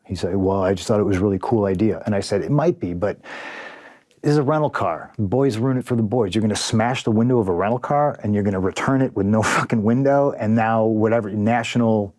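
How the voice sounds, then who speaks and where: A man's voice: on the low side, fast talker, hardly any pauses, darkish tone, dry recording, studio quality. A man in a candid interview, recounting events in a rambling, profane way, often restarting and quoting others. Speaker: interview guest, wrestler.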